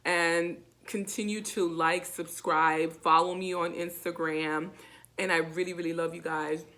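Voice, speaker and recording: Jamaican woman teaching words slowly. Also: on the low side, flat delivery, fairly bright tone. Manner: repeats words slowly, many fillers. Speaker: language teacher vlogger. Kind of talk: casual language lesson.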